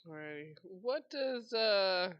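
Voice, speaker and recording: A woman's voice: medium pitch, expressive, slow, smooth, dull audio. A woman running a tabletop game as game master, narrating expressively and asking players what they do.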